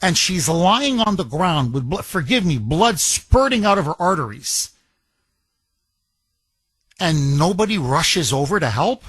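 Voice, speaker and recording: A man's voice: fairly high pitch, big pitch swings, a little slow, fairly bright tone, husky, dry recording. A man hosting a talk radio show, speaking in an impassioned, emphatic monologue and repeating phrases for effect. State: recovering from broken ribs.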